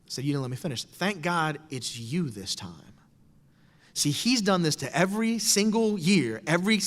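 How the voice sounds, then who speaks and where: A middle-aged man telling a wry personal story to an audience in a lecture hall. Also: high voice. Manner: animated, wry, storytelling with quoted voices. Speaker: speaker giving a talk. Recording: lecture hall with long reverb.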